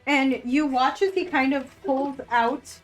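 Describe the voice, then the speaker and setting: A woman running a tabletop game as game master, narrating slowly with many ums and bursts of excitement at dice rolls. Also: sits high, soft background music.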